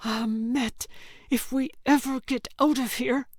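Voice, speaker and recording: A woman narrator voicing a frightened, sarcastic young girl exploring a cave, her voice shrill and quavering. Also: steady tone, slow pace, darkish tone, no echo, clean studio sound. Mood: angry, sneering. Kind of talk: audiobook character reading.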